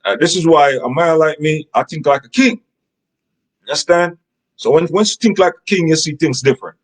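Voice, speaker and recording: A man's voice: on the high side, normal speed, rough recording. A man giving relationship advice in a rambling, repetitive monologue, often checking in with "Understand?". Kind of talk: casual monologue.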